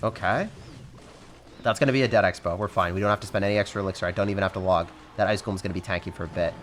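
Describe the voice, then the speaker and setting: A young man giving fast, excitable live commentary over his own gameplay, calling out to viewers as guys. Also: low-pitched, a little hiss or hum. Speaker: game commentator.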